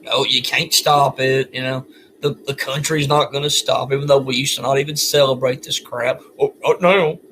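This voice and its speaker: A man's voice: medium pitch, fairly even intonation, moderate pace, a bit bright, a little hiss or hum. Weary, bitter man venting at home. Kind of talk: venting monologue. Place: home at night.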